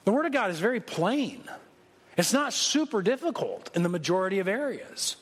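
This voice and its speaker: Pastor, man, high voice, casual joking sermon, long hall reverb. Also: sing-song, moderate pace, slightly rough. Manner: conversational, joking, emphatic preaching.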